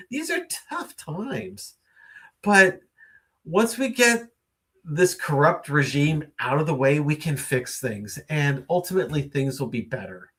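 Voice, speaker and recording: A man's voice: on the high side, a bit bright. A man hosting a casual late-night live stream, musing at length with many fillers and reading out viewer comments. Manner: reads viewer comments aloud and greets viewers.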